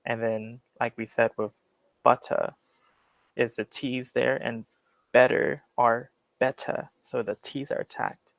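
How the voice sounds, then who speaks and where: A man's voice: mid-range voice, flat delivery, takes it slowly, creaky, a bit bright, no room sound, low-quality recording. A young American man giving an online class talk, explaining at an easy pace with lots of fillers. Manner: casual, uses many fillers, explains with examples. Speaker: guest speaker on accents.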